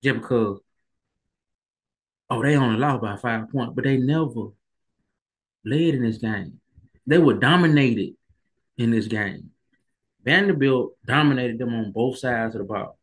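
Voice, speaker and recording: A man's voice: medium pitch, a little slow, pauses often, slightly rough. Emphatic man ranting about football. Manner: emphatic, repetitive, colloquial, rising to heated emphasis. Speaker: sports commentary vlogger. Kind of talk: casual sports opinion monologue.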